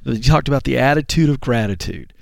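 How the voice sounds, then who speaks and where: A male co-host who speaks with an earnest, motivational drive. His voice sits at an ordinary middle pitch. He sounds close and dry on a studio mic. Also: animated, fairly quick, gravelly, dry recording. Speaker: radio show co-host. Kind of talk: casual talk show chat.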